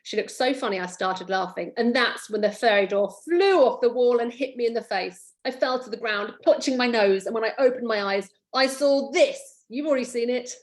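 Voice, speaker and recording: A middle-aged woman, a children's author, reading her book aloud to schoolchildren in a lively, playful, encouraging way over a computer microphone. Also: fairly high pitch, moderate pace, few pauses.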